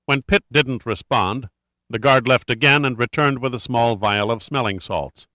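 Male narrator for a gritty thriller read, steady and measured, sharp clear tone. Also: medium pitch, dry recording. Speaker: audiobook narrator. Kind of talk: dramatic audiobook narration.

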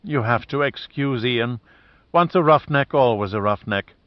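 Guy reading a teasing emotional wife, barely voiced, flat dull sound. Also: medium pitch, normal speed, no room sound, natural voice. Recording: dull dry audiobook recording.

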